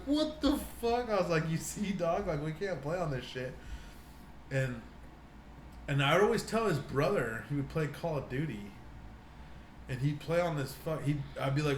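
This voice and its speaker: A young man co-hosting a podcast, telling stories in a rambling, swear-filled way and acting out what people said. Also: medium pitch. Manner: rambling storyteller, swears a lot, acts out quotes. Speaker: podcast co-host. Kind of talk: casual chat. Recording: echoey room with faint noise.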